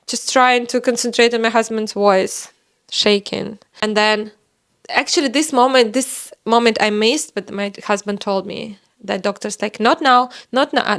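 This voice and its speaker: Young woman, russian is her first language, chatty storytelling, jumps up high when she gets excited. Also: gravelly. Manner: animated, with sudden high exclamations and laughs. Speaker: vlogger telling her birth story. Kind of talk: casual storytelling.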